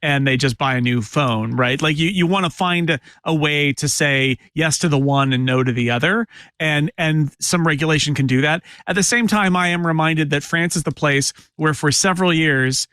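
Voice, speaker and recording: A man on a podcast panel in casual chat, wry and opinionated, talking in quick bursts. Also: fairly high pitch, fairly bright tone, no echo.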